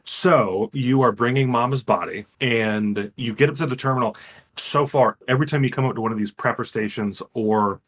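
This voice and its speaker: A young man co-hosting a podcast, retelling a story in a rambling, animated way with frequent restarts. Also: medium pitch, moderate pace. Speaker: podcast co-host. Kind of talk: casual chat, retelling a game.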